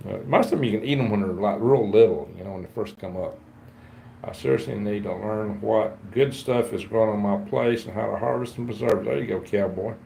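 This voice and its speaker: A man's voice: lowish voice, fairly quick, gravelly, dark tone, slight background noise. A man, hosting a casual livestream chat in a rambling, folksy way. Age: 50s. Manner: rambling, folksy, greets viewers and reads chat aloud. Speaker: livestream host.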